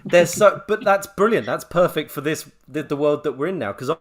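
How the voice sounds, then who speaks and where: Lively chatty man reading listener comments. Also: a little high, brisk. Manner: chatty, laughs often, reads out listener comments. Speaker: podcast co-host. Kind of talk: casual podcast chat.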